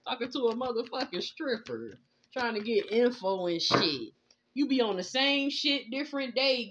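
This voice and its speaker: This tarot reader has a high, slightly bright voice and gives a blunt, profane reading, scolding and laughing as she goes. It's a casual spoken reading, and the lo-fi recording sounds slightly dull with a little hiss or hum.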